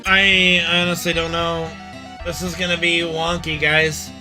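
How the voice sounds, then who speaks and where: A man streaming a game, chatting casually with his chat, swearing freely and breaking into loud outbursts and laughter. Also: a little high, level tone, measured pace, music in the background.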